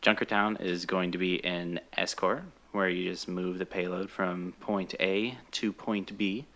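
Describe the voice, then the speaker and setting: A man's voice: sits low, steady tone, unhurried, fairly bright tone. A man co-hosting a casual esports chat, explaining things in a matter-of-fact way. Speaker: co-host.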